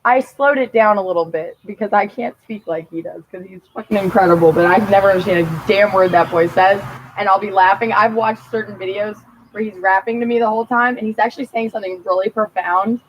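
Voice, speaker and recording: A woman's voice: medium pitch, fairly even intonation, fairly quick, slight background noise, poor audio. A woman telling personal stories in a blunt, rambling and profane casual monologue.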